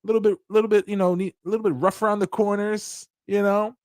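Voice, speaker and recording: Animated, high-voiced man commenting. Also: fast, no room sound, studio quality. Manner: animated, profane and laughing. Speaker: commentary channel host. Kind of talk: casual commentary.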